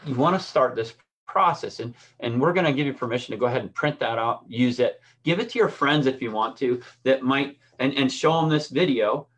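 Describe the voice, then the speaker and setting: A middle-aged man coaching swimmers in an informal lesson. He talks conversationally in a voice of middling pitch, weaving in stories, stumbling into restarts and tagging points with "right?". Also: fairly quick, hardly any pauses, a bit bright. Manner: conversational, restarts often and keeps asking "right?". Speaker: swim coach. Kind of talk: instructional talk with personal stories.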